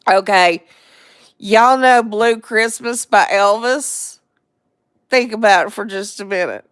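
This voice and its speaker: A woman's voice: mid-range voice, slow pace, a bit bright, clear, resonant tone, dry recording, studio quality. A middle-aged woman hosting a casual livestream chat, rambling along, chatting to viewers and laughing often. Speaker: livestream host.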